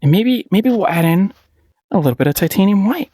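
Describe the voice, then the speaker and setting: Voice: mid-range voice, lively intonation, fairly quick, mellow, no echo. A painting instructor giving a casual paint-along tutorial, playful and encouraging, often giggling and repeating short phrases.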